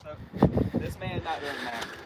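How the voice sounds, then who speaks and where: Distant coworker over loud noise. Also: male voice, a little high, expressive, a little fast. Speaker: coworker off camera.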